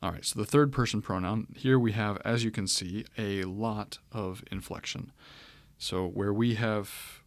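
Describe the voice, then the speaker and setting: Walking through a screen-share lecture, a man explains Greek grammar in a relaxed manner, with plenty of fillers along the way. His voice sits on the low side, his pace is measured, and the recording is dry.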